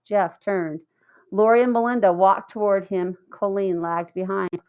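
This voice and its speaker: A woman narrating a children's novel in a clear, steady read-aloud way, in a slightly muffled recording. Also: medium pitch, unhurried. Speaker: audiobook narrator. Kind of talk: scripted narration.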